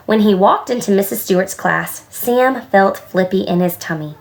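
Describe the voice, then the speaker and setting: At children's story time, a preschool director with a mid-range voice reads a storybook aloud slowly and gently, pausing to ask the little listeners questions.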